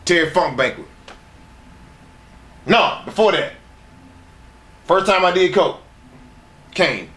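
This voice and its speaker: A man's voice: high-pitched, lively intonation, takes it slowly, long pauses, bright, forceful tone, reverberant. A man telling crude, rambling stories as an interview guest, often laughing as he talks. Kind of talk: profane shoot-interview storytelling.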